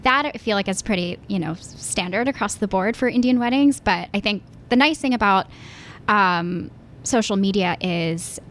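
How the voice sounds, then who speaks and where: A woman's voice: mid-range voice, normal speed, a bit bright. A woman from Pennsylvania, a musical theater actress, talking casually as an interview guest, thoughtful and full of restarts. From Pennsylvania, USA. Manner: thoughtful, with many fillers and restarts.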